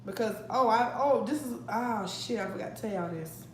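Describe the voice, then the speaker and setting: A woman's voice: on the high side, animated, moderate pace, a little hiss or hum. Blunt, profane young woman venting. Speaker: vlogger. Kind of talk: casual storytime vlog. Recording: echoey room with faint ambience.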